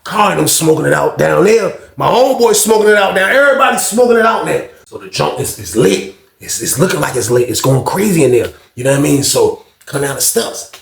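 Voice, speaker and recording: Male storyteller, gravelly and animated, swearing freely, recorded in an echoey room. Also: fairly high pitch, brisk, hardly any pauses. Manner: animated, profane, acts out other people's voices. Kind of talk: casual storytime monologue.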